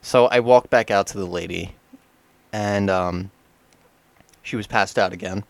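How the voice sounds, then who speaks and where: Young man, store manager, casual rambling storytelling, low voice, dry sound. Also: a little slow, vocal fry, no room sound. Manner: rambling, animated storyteller with many fillers.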